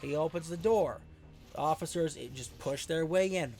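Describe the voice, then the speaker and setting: Over gameplay, a man hosting his channel casually tells a story, retelling it in an animated way and repeatedly asking rhetorical questions. His voice is on the high side at a normal speed, with soft music in the background.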